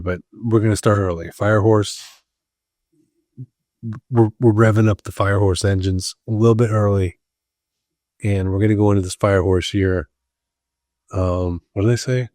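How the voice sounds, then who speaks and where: A man's voice: on the low side, darkish tone, no room sound, clean studio sound. A man hosting his own podcast in a casual, rambling solo chat, his voice strained and tired from long talking. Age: adult with school-age kids. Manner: rambling, many ums and restarts. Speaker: podcast host.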